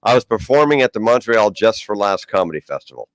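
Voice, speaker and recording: A comedian man from Boston, now living in Canada, co-hosting a casual chat show with quick crude jokes. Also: fairly low pitch, animated, no room sound. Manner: quick joking banter, crude quips. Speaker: comedian and podcast co-host.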